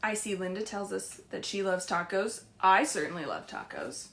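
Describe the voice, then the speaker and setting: A woman librarian reading picture books aloud to young children in a sing-song, animated storytelling voice, often asking them questions. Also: mid-range voice, moderate pace, vocal fry. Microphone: streamed live.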